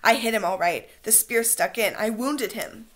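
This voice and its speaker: An eager, boastful schoolboy who talks himself up, insistent and keen to be believed, as a woman reading the book aloud puts him on. Lifted and lively, in a plain read-aloud storybook voice. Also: a little high, normal speed, pitched above the performer's own voice. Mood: excited.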